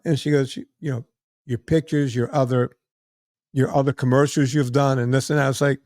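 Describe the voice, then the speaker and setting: A middle-aged man hosting a podcast, telling a lively story and acting out the other people's lines. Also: mid-range voice, brisk, no room sound, clean studio sound. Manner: animated storyteller acting out quoted voices. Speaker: podcast host. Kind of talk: casual storytelling chat.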